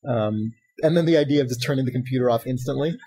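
A man's voice: medium pitch, husky, low-quality recording. A man hosting a casual podcast, reading listener emails aloud and chatting, laughing often. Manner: fast-talking, animated, laughs often. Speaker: podcast host.

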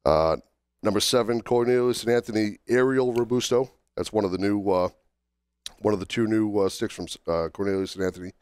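A man co-hosting a casual podcast while under the weather from a cold, talking haltingly with many fillers as he works through a list. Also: fairly low pitch, a little mellow, clean tone, dry recording, studio quality. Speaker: podcast co-host.

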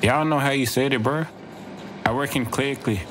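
Over game audio and faint background noise, this streamer gives let's play commentary in a medium-pitched, fairly bright voice at normal speed. He jokes around and rambles casually, saying "bro" nonstop.

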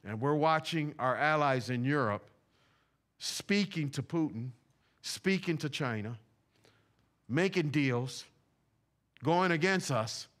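A man's voice: fairly high pitch, animated, slow, pauses often, a bit bright. A man preaching a sermon in a church, talking in a loose, conversational way with slang and repeated phrases. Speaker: pastor. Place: church sanctuary.

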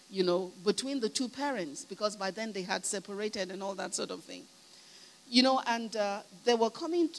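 Nigerian woman preacher, sermon storytelling, lots of "you know", long hall reverb, faint hum. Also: medium pitch. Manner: emphatic, asks the audience if they are listening.

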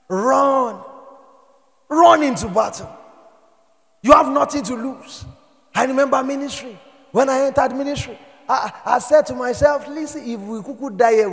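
A Nigerian man preaching a sermon as pastor, moving between quiet storytelling and shouted exhortation. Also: sits high, big-room sound.

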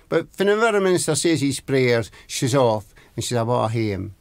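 A man's voice: mid-range voice, big pitch swings, moderate pace, creaky, no echo. A man with an Aberdeen Scottish accent telling a traditional folk tale, lilting and repeating words for emphasis. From Scotland. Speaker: storyteller.

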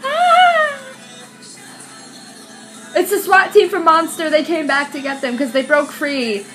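A young woman hosting a reaction video, excitable, shrieking and laughing as she comments. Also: sits high, moderate pace, faint music behind.

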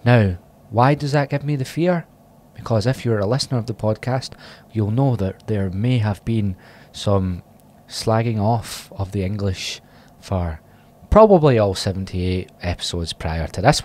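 A man's voice: mid-range voice, darkish tone. A Scottish man hosting a podcast and coaching fitness, chatting casually in a candid, self-mocking, rambling way. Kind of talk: casual solo podcast chat.

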